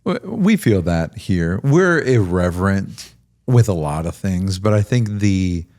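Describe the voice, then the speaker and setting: A man's voice: low voice, very animated, a little slow, a little mellow. A man with a Midwestern American accent hosting a podcast, telling stories in an irreverent, joking way. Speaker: podcast host. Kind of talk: casual podcast conversation.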